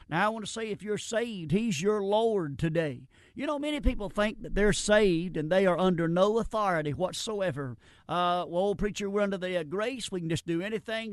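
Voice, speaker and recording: An older man preaching a sermon in a folksy, repetitive way, starting quiet and building up to loud emphasis. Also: sits high, no room sound, clean studio sound.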